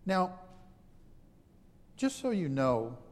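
A man's voice: on the high side, sing-song, drawn-out words, darkish tone. Man preaching, long hall reverb. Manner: conversational, self-deprecating storytelling. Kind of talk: sermon.

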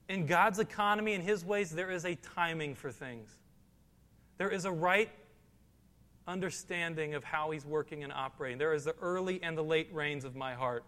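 Man, pastor, sermon, high voice, emphatic scripture reading, long hall echo. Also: normal speed, a bit bright. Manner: preaching with rising emphasis, reads scripture aloud.

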